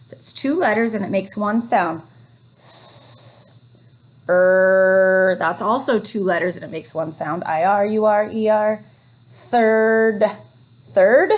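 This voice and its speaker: A woman teacher leading a phonics lesson for young children, reading words slowly and encouragingly. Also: mid-range voice, darkish tone. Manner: slow, encouraging, drawn-out reading.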